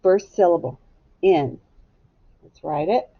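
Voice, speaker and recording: Casting: woman teacher, husky and a bit low, patient, lo-fi recording. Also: animated. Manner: slow, clear, patient teacher talk. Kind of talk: phonics lesson for children.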